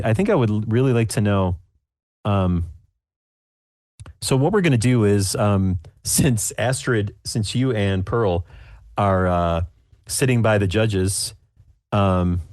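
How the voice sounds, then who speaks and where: A low-pitched, relaxed man serves as game master for a tabletop game, rambling along with plenty of fillers. The recording is dry and close.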